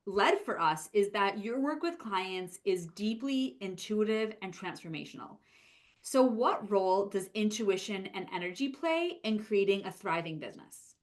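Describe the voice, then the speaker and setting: Young woman, co-founder, interviewing her partner, gushing and excitable. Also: medium pitch. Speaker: co-founder asking interview questions. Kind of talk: enthusiastic interviewing.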